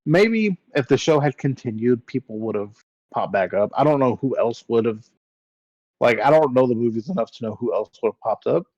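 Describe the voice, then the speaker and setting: A man's voice: medium pitch, animated, normal speed, darkish tone, no echo. A man co-hosting a podcast in casual chat, laughing often and swearing casually. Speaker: podcast co-host. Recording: dull lo-fi dry recording.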